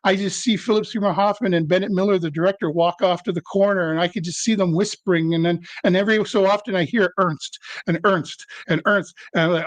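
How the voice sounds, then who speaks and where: A middle-aged actor talking as an interview guest, telling rambling, self-deprecating stories. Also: male voice, high-pitched, fairly even intonation, a little fast, few pauses, dry recording. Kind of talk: casual interview storytelling.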